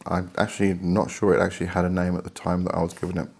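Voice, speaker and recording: A man with a deep, fairly monotone voice talks through a practice step by step. His delivery is relaxed and halting, full of fillers and restarts. He slips into a steadier reading tone when quoting text. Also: vocal fry, breathy edge. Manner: rambling, hesitant, many fillers; reads book passages aloud in a measured tone. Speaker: occult teacher. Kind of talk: casual instructional talk.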